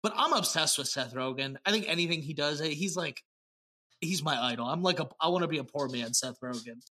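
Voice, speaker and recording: A man co-hosting a casual podcast chat, animated and swearing, acting out lines as he reviews a show. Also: fairly high pitch, fairly quick. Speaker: podcast co-host.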